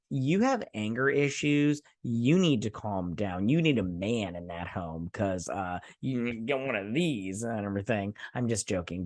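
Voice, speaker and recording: A man hosting a casual episode recap and review, talking fast and loose with crude, sarcastic asides and quick mocking impressions. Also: lowish voice, no room sound, clean studio sound. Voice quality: crude, sarcastic retelling with mocking quoted voices. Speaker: host.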